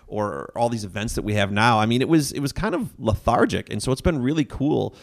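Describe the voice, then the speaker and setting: A man's voice: medium pitch, lively intonation, brisk, creaky. A young man from Milwaukee talking as an interview guest in a casual chat, enthusiastic and rambling, often saying "like". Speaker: interview guest, video creator.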